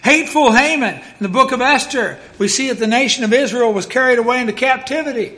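A male preacher with a notably high voice for a man, preaching a sermon. He is dramatic and emphatic, rising to loud declarations and then dropping into hushed, solemn asides. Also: fast.

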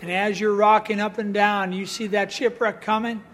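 High-voiced man preaching a sermon. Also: little pitch movement, moderate pace, a bit bright. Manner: storytelling with quoted voices and scripture readings; high voice that rises to emphatic bursts.

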